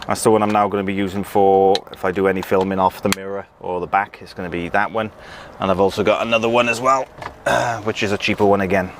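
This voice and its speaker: A truck driver vlogger with a low voice talks fast, chatting casually in and around his truck as he reads out viewer comments, relaxed and full of ums and restarts. He records on an action camera with a pocket mic, picking up faint outdoor vehicle noise.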